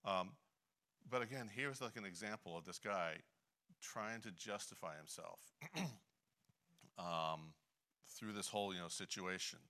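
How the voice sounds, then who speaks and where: A middle-aged man preaching a conversational sermon, full of "you know" fillers and frequent throat clearing. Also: sits low, measured pace, long pauses, bright, forceful tone. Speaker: Bible teacher. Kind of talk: conversational sermon with a personal story.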